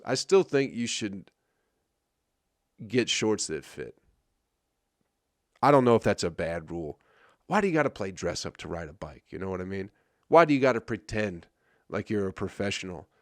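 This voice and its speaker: Male comedian host from Michigan, lowish voice, crude mocking rant, dry sound. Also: dry recording.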